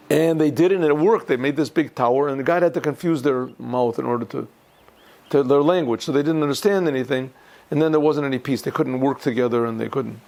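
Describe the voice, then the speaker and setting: A man, a rabbi, giving an informal Torah lesson, often clearing his throat and restarting his sentences as he thinks aloud. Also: medium pitch, lively intonation, moderate pace, darkish tone. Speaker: rabbi teaching a yeshiva class.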